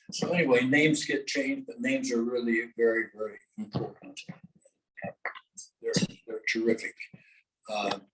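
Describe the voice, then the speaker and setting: An older man giving a talk at a luncheon, halting with many filler sounds and drawing the audience in with questions. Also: medium pitch, flat delivery, a bit bright, recorded from a distance, a little hiss or hum, low-quality recording. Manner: engages the audience with questions and call-and-response. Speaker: guest speaker. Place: luncheon meeting room. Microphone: microphone held at a distance. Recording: voice heard from off the mic.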